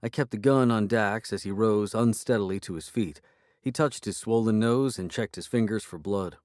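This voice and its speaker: Low-voiced male audiobook narrator. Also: darkish tone, no room sound, clean studio sound. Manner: measured, storytelling. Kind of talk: scripted first-person audiobook narration.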